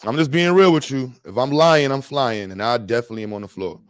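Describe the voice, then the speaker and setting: A man's voice: medium pitch, quick pace, dry recording, clean studio sound. A man from New York streaming live and chatting casually, joking, cursing and laughing often.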